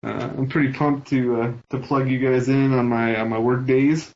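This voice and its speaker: A man guesting on a podcast, chatting casually and halting often with fillers. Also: mid-range voice, level tone, a little mellow. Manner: halting, full of uh and um. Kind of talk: casual chat. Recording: dull lo-fi sound.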